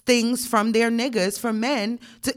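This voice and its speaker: A woman's voice: a little high, steady tone, a little slow. A young woman co-hosting a podcast, telling a story bluntly and candidly, often laughing. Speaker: podcast co-host. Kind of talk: casual podcast chat.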